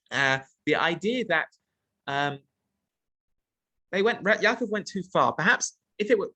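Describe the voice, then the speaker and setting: A man's voice: a little high, a bit bright, no echo. A man teaching a text study class, reading Hebrew phrases and explaining them as he goes, with frequent restarts. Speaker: Torah teacher.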